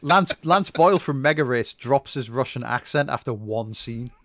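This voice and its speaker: A man, recapping a film in a sardonic, sweary way. His voice sits mid-pitch and the sound is dry and close, with no room around it. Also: animated, normal speed, fairly bright tone, no echo. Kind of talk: casual film review chat.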